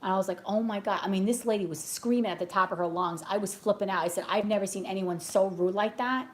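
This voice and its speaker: A woman's voice: medium pitch, quick pace, slight background noise. A woman tarot reader chatting casually between readings, rambling off on tangents and telling stories bluntly. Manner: chatty and animated storytelling, blunt. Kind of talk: casual chat during a live reading.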